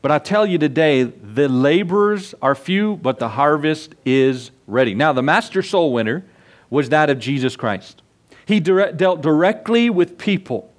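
A man's voice: a little high, animated, measured pace. A man preaching a sermon as pastor, earnest and folksy, often putting questions to his listeners.

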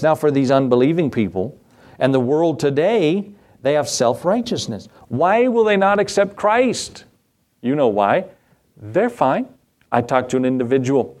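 A man's voice: medium pitch, darkish tone. A middle-aged man preaching a sermon in a folksy way, asking the congregation questions and acting out the voices he quotes. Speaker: pastor.

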